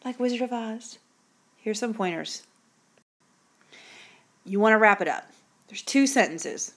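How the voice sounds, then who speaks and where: A woman teacher recording a video lesson, with upbeat, encouraging and direct instructions. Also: on the high side.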